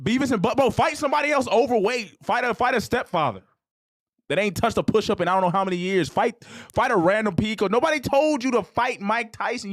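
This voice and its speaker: Animated man ranting about sports. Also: extremely high pitch. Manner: animated ranting, mock-quoting others. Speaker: podcast co-host. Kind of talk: heated casual sports talk.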